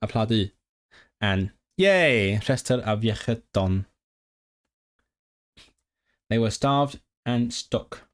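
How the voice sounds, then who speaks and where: A man's voice: lowish voice, very slow, long pauses. A man on a casual livestream, thinking aloud as he studies and sounds out and repeats new words. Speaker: language-learning streamer. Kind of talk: casual livestream study session.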